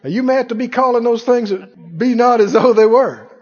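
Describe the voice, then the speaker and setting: A man preaching from the pulpit in a high, husky voice that leaps up and down in pitch. He drives his points hard, then drops to a near hush. The recording is dull and carries a long church-hall echo. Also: brisk. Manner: emphatic preacher, swings from loud to hushed. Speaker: pastor. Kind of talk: sermon. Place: church sanctuary.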